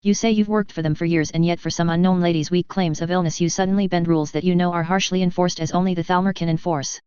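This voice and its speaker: A woman reading aloud, voicing a calm, shrewd male shopkeeper who speaks gently. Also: lowish voice, clear, resonant tone, no room sound, dull audio, lightly acted. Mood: probing. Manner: gentle, soothing, measured.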